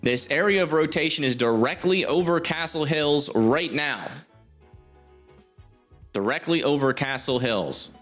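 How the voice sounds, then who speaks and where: A man's voice: a little high, unhurried, fairly bright tone, soft background music. Casual young man narrating live radar. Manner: informal, thinks aloud, many fillers. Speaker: storm chaser livestream host. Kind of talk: live weather commentary.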